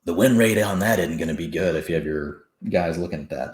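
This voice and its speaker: A man co-hosting a casual sports podcast, animated, chuckling often and restarting sentences. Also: low-pitched, fairly quick, hardly any pauses, roomy sound. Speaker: podcast co-host. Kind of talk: casual fantasy football chat.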